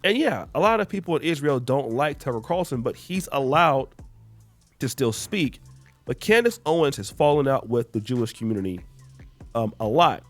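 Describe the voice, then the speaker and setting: A man's voice: medium pitch, big pitch swings, moderate pace. A man hosting reaction commentary, explaining clips in a conversational way. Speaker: commentary host. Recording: faint background music.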